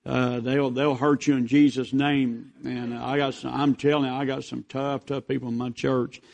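A man preaches a revival sermon, rambling through stories in a folksy way. His voice has a rough, gravelly edge and stays fairly level in pitch. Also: little pitch movement, normal speed, darkish tone, lo-fi sound. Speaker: visiting preacher.

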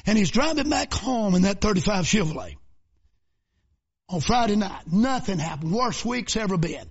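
An older man preaching a shouted revival sermon, calling out questions to the congregation. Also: sits high, very animated, normal speed, breathy edge, dull audio. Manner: preaches in shouted bursts with rhetorical calls to the crowd. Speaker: pastor.

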